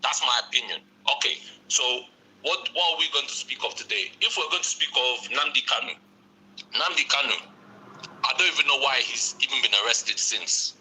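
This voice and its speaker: A man's voice: mid-range voice, moderate pace, sharp tone, husky. A man calling in from abroad with a British-Nigerian accent, blunt and emphatic. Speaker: caller. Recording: tinny phone line.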